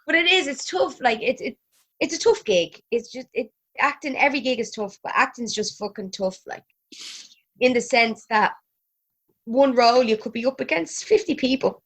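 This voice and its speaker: An Irish woman in her thirties talks as a podcast guest in a quick, chatty flow. Her voice sits a touch higher than most women's. She laughs easily and swears in passing. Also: lively intonation, a bit bright. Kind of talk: casual chat.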